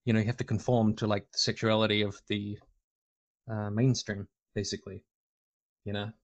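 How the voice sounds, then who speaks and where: A man's voice: fairly low pitch, flat delivery, normal speed, dull audio. Rambling man on a panel chat. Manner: rambling, many fillers and restarts. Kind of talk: casual panel discussion.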